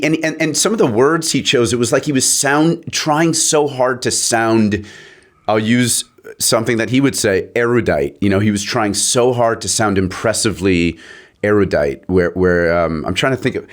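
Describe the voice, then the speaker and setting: A man chatting as a podcast guest, rambling and stopping to search for words mid-sentence. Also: fairly low pitch. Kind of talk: casual chat.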